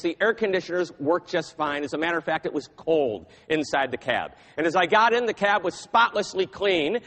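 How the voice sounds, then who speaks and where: A man giving a keynote speech, telling a story in a dramatic, animated way. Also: high-pitched, big-room sound. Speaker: keynote speaker.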